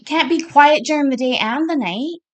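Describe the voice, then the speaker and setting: A woman's voice: high-pitched, moderate pace. A woman, stoned, telling rambling, profane stories as she reacts to a court show. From Canada. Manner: chatty, profane, easily sidetracked. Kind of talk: casual rambling storytelling.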